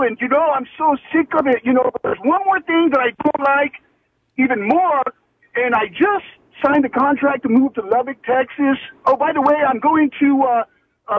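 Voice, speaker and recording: A man calling in to a radio show, rambling from point to point with lots of fillers. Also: extremely high pitch. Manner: meandering, filler-heavy. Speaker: caller. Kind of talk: rambling call-in rant. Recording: tinny phone line.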